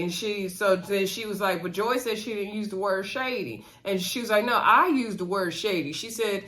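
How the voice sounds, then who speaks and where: A chatty woman recaps a reality show episode, talking to her viewers in a loose, gossipy way. She keeps breaking into lively quotes of the cast as she tells it. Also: mid-range voice, normal speed, few pauses. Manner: chatty, addresses viewers as y'all, acts out quotes. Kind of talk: casual chat.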